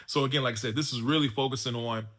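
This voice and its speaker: A man reviews a film in an easygoing, chatty way, often circling back with fillers and restarts. His voice is bright and forceful and sits at an ordinary middle pitch. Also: steady tone, racing. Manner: loose and chatty, full of fillers and restarts like "man" and "you know what I'm saying". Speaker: movie reviewer and channel host. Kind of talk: casual spoken review.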